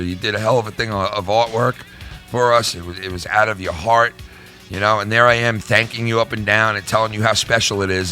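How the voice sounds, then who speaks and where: Middle aged guy ranting at his viewers, swears a lot, repeats himself, sharp bright voice. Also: on the low side. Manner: heated, profane, repeats himself. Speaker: YouTube channel host. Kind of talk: vlog rant to viewers.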